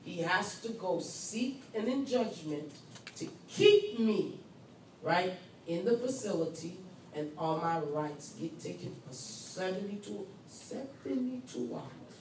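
A woman nursing instructor with a lowish, slightly mellow, expressive voice lectures a class at a slow pace. She speaks emphatically, repeats key points, and plays the patient in the first person. The roomy recording is far from the mic, with faint ambience and slight background noise.

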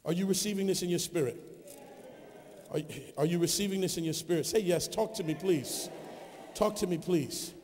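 A man pastor preaching a sermon, building to shouted emphasis and calling on the congregation to answer him. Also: high-pitched, normal speed, long reverb tail, a little hiss or hum. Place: church sanctuary.

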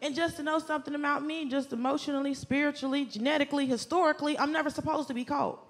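A woman from the doing stand-up comedy, animated and exasperated, shouting her punchlines. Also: high-pitched, fast talker, background noise. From Southern US, Atlanta. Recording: club stage mic with loud crowd laughter. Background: audience laughter and ambience.

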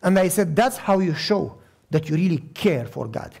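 A middle-aged man preaching with a high-pitched voice. His tone carries a gravelly edge, and he tells stories in a lively way, playing out the people he quotes. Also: normal speed. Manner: animated, acts out quoted voices, repeats for emphasis. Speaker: pastor. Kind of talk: storytelling sermon.

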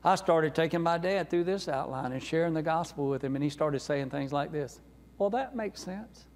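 Sex: man. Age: 60s. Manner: folksy sermon testimony, gravelly, church hall echo. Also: a little high, fairly even intonation, brisk. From North Carolina. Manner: folksy, earnest, warm storyteller. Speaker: guest preacher. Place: church sanctuary. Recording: reverberant church sanctuary.

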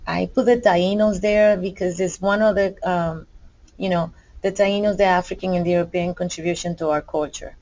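A woman from the Dominican Republic walks through a school presentation in a somewhat low voice. She talks informally, stopping often for fillers and correcting herself as she goes. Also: steady tone, normal speed, a little mellow, rough recording. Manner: hesitant, with fillers and self-corrections. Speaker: bilingual teacher.

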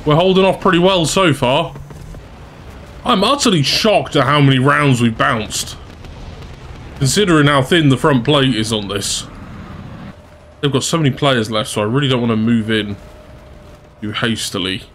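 A man's voice: medium pitch, moderate pace, pauses often, fairly bright tone, a little hiss or hum. A man giving casual, chatty gameplay commentary as a channel host, talking to his viewers and laughing at his own mistakes. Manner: chatty, self-deprecating, talks to viewers.

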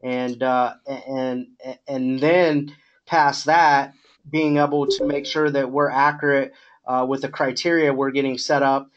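A middle-aged man with a voice of ordinary pitch coaches a new sales agent. He talks in a relaxed, encouraging way, giving feedback with many pauses and fillers. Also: lo-fi sound. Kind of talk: coaching call.

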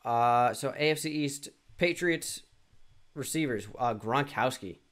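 A man's voice: medium pitch, unhurried, fairly bright tone. Young man muttering through a sports quiz. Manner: muttering, self-deprecating, thinking aloud with frequent restarts. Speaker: gaming YouTuber. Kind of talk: casual self-talk while playing a sports quiz.

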